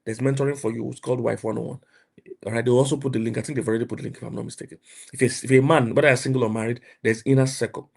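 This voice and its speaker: A middle-aged Nigerian man with a Nigerian accent, preaching and mentoring emphatically, repeating himself and rising to loud outbursts. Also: medium pitch, fairly even intonation, very fast, creaky, breathy edge. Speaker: pastor and mentor. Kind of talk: motivational preaching.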